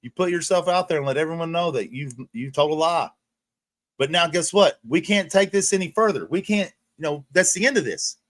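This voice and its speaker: On a livestream, a heated host rants in a casual monologue, swearing constantly and repeating himself with restarts. His voice is a bit high and a bit bright, fairly quick, and the recording is close and dry.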